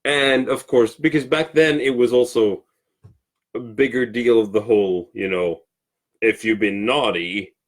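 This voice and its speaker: Man, Swedish accent, mid pitch, halting explanations, relaxed teaching chat. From Sweden. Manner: explains with hesitations and restarts.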